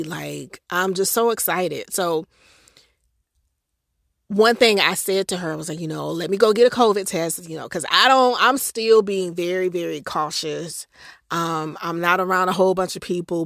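A woman hosts her podcast, telling a personal story with feeling and bursts of laughter. Her voice sits fairly low and has a gravelly texture. The recording is dry and close, with no room sound. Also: normal speed, dry recording. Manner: emotional, expressive storytelling with laughter. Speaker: podcast host.

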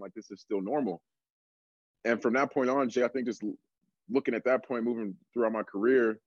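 A young adult man, a strength coach, telling stories in a relaxed casual way, full of fillers. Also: on the low side, no echo, highs cut off. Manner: relaxed storytelling, many fillers like "like". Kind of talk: casual podcast conversation.

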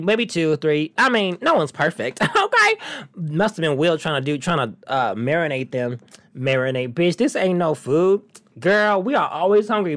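A flamboyant man chatting on his podcast, all sass and attitude, calling everyone honey. His voice swoops up and down with lively pitch, and the sound is close and dry with no room echo. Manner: sassy, flamboyant, calls listeners honey; animated, laughs between stories. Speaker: podcast host. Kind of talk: casual monologue chat.

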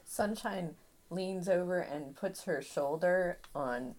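A woman playing a tabletop role-playing game, giggly and expressive. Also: lowish voice, slow pace. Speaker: player.

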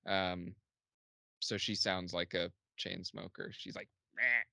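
A man's voice: deep voice, level tone, slow, vocal fry, bright, forceful tone, no room sound, clean studio sound. A young man chatting casually as a podcast guest, rambling with lots of filler words. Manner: rambling, filler-heavy, laid-back. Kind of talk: casual chat.

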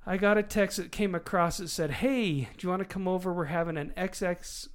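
A man in his forties, a father hosting a casual family chat, telling animated stories and laughing often as he goes. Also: sits high, fairly quick. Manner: animated storyteller, laughs often, does voices for quoted people. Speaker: father, podcast host.

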